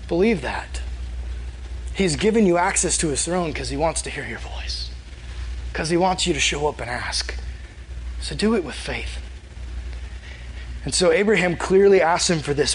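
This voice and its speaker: A man's voice: a little high, lively intonation, normal speed, long pauses, slightly rough, poor audio. A young man preaching a casual, conversational sermon as a youth pastor, often acting out prayers in a quoted voice.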